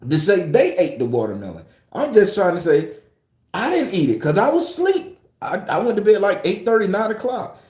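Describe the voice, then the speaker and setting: A man in his forties telling a profane, comic personal story, acting out voices and breaking into shouts. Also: fairly high pitch, echoey room. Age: 40s. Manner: animated, profane, acts out voices with bursts of shouting.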